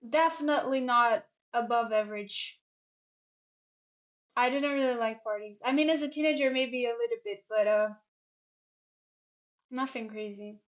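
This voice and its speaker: A woman's voice: fairly high pitch, moderate pace, pauses often. A young woman chatting casually on a live stream as a chess commentator, rambling and answering questions from chat.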